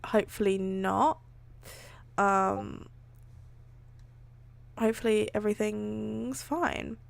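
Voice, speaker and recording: A woman's voice: medium pitch, slow pace, vocal fry. A woman streaming live, reading fan fiction aloud between casual chat. She swears freely and makes self-deprecating asides. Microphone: streaming setup.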